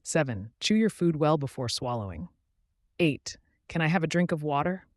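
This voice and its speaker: A man reading numbered everyday phrases slowly and clearly for learners. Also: on the high side, expressive, no echo, clean studio sound. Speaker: English teacher.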